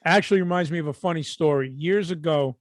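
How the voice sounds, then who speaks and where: A middle-aged man with a Brooklyn accent, co-hosting a podcast and telling stories in a casual, profane, animated way. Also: a little high, fast, no room sound, clean studio sound. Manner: animated, profane, acts out quotes. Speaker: podcast co-host. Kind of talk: casual storytelling.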